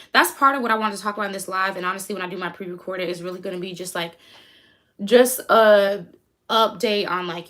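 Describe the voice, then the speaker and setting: A woman's voice: mid-range voice, a bit bright. A young American woman hosting a casual livestream, chatty and easily sidetracked, reading her chat aloud and hyping her friends. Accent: American English. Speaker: livestream host.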